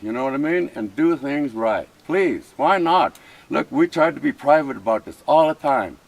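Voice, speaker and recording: A man's voice: mid-range voice, animated, moderate pace, vocal fry, poor audio. A man, a First Nations chief, arguing with police in a heated face-to-face exchange, impassioned and pleading, repeating his points over and over. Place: outdoor protest camp.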